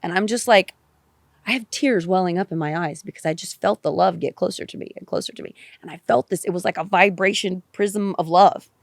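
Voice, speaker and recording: A woman podcast guest telling a personal story in an animated way, repeating phrases and swearing casually. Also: on the low side, a little fast, gravelly, no echo, studio quality.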